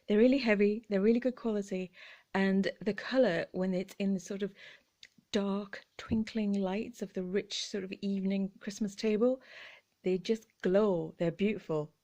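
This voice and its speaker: Brief: woman, mid-pitched, chatty vlog host with soft whispered asides. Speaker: vlogger showing thrift finds. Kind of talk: casual chat.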